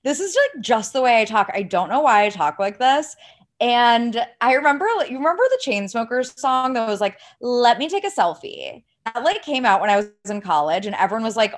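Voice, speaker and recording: A young woman from Ohio, a podcast guest chatting casually with lots of "like" and a strong vocal fry, talking without a proper microphone. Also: fairly high pitch, animated, a little fast. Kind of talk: casual chat. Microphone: no proper mic, raw setup.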